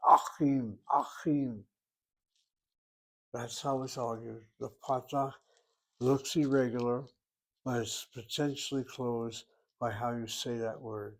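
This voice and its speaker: A man's voice: medium pitch, a little mellow. A man teaching a recorded language lesson, working through each word aloud, step by step and methodically. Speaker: Hebrew teacher.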